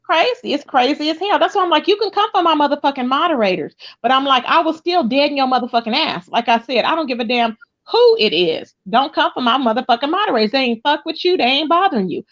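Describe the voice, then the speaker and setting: A woman hosting a livestream in brash, profane gossip chat, her voice jumping up high when outraged. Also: animated, quick pace, fairly bright tone, lo-fi sound. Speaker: livestream host.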